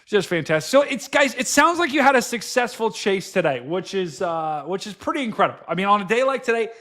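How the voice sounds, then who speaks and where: A young man hosting a casual weather livestream, excitable and quick to exclaim and laugh. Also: high voice. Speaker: livestream weather show host.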